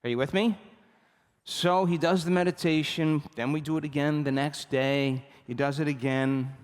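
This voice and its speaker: A man delivers a motivational seminar talk in a voice that sits a little high for a man. He tells stories with animated energy and keeps checking in with his listeners. His voice carries the long reverb of a big hall. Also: moderate pace. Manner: animated storytelling, repeatedly asks the audience for agreement. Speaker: seminar speaker.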